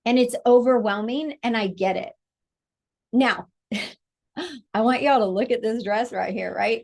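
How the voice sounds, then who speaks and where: A middle-aged woman, a childbirth educator, teaching a live online class in a chatty, encouraging way over a video call. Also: fairly high pitch.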